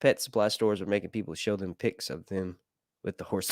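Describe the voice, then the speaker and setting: A man's voice: lowish voice, expressive, fast, dry recording, clean studio sound. A man giving casual, profane movie commentary, rambling between jokes and reading passages aloud. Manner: profane, rambling, jokey asides. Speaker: film reviewer.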